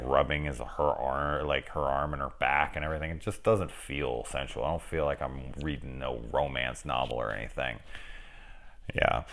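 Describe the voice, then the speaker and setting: Deep-voiced, profane man reviewing a movie. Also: sharp tone. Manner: profane, joking and rambling. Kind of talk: casual film review chat.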